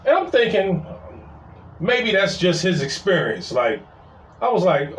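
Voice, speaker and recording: High-pitched guy telling a story casually, animated, echoey room, kinda far from the mic. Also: measured pace, pauses often. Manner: animated, repeats "I was like". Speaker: storyteller, city parking attendant. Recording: roomy sound from a distance.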